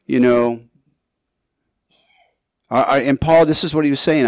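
A man's voice: fairly high pitch, measured pace, long pauses, dry recording, poor audio. An older male pastor giving an earnest, conversational sermon in his church, speaking straight to his congregation with casual asides.

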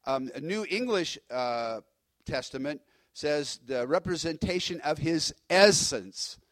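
A man who is a pastor, preaching a sermon in an emphatic, animated way with frequent restarts. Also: on the high side, a little slow, no room sound.

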